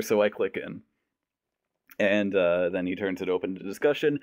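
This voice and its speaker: A young man on a podcast telling a long, animated story about a lecture hall and acting out the other people in it. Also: on the low side, a little fast, highs cut off. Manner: animated storyteller, mimics voices. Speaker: podcast host. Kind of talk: casual storytelling.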